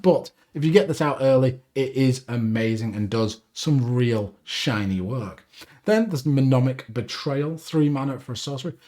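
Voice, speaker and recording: A man hosting a casual card game review, reading card text aloud and adding upbeat asides. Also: mid-range voice. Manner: reads card text aloud, animated, self-deprecating asides. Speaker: deck review host.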